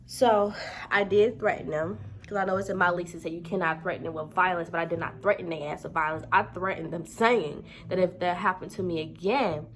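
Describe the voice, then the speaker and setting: A woman's voice: on the low side, fairly even intonation, a little fast, a little hiss or hum. A woman vlogger telling a story to her viewers in a casual, heated way, with a lot of swearing.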